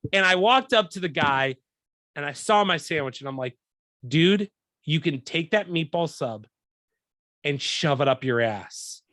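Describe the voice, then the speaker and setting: A young man hosting a podcast, telling a profane story in a casual, animated way and acting out what people said. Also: a little high, dry recording, studio quality. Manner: profane, animated, acts out quoted lines. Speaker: podcast host.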